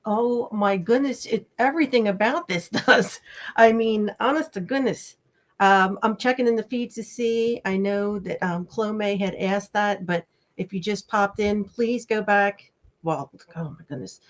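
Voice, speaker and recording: A woman's voice: mid-range voice, unhurried. Female host of a live stream, eager, casual, relaying viewer questions. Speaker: host of a live online show. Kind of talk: casual chat.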